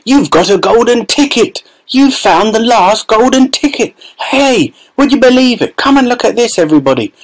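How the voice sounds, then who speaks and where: A man voicing an excitable, well-fed middle-aged shopkeeper who shouts with excitement in a storybook reading. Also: medium pitch, normal speed, close to an everyday voice, low-quality recording. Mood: ecstatic.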